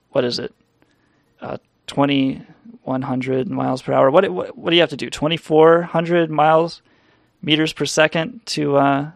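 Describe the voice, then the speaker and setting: A man's voice: a little high, vocal fry, dry recording, studio quality. A man hosting a comedy live stream, rambling crudely and reading chat comments aloud. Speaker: stream host.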